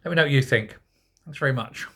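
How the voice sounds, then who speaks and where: A man's voice: mid-range voice, fast talker, bright, forceful tone, husky. Scornful older man ranting. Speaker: political commentator. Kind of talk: opinion rant vlog.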